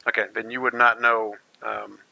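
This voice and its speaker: A man's voice: medium pitch, little pitch movement, moderate pace, gravelly, sharp tone, poor audio. A man narrating as game master, rambling with many fillers.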